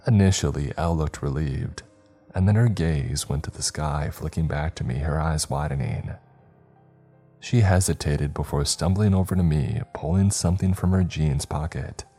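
A man narrating a horror story in a steady, measured storytelling voice. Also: a bass voice, husky, soft background music.

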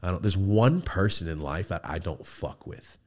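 A man hosting a studio podcast, telling animated stories and acting out the people in them. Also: sits low, moderate pace. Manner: animated storyteller, acts out quoted people, swears freely. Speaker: podcast host. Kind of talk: casual storytelling chat.

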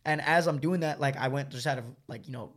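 A man's voice: mid-range voice, fast talker, fairly bright tone. A young man telling a story to friends in casual chat, swearing often and using lots of fillers, laughing as he goes.

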